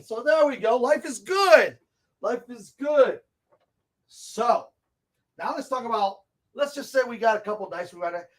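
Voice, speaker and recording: A high-voiced man hosts a tabletop gaming segment from a comic and game shop, showing off products with excitable chatter. The tone stays casual, and he keeps breaking off into asides.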